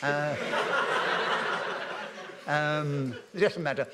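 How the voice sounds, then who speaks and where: A man's voice: fairly high pitch, fairly even intonation, drawn-out words, heavy background noise. An older man telling stories on a festival stage, rambling with many ums and restarts, and chuckling at his own anecdotes. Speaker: veteran broadcaster and guest. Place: festival stage before an audience.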